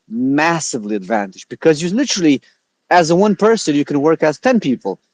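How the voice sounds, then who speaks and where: A man talking casually as a podcast guest, relaxed and joking, with many fillers. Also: fairly high pitch, no echo. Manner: relaxed, jokey, uses many filler likes.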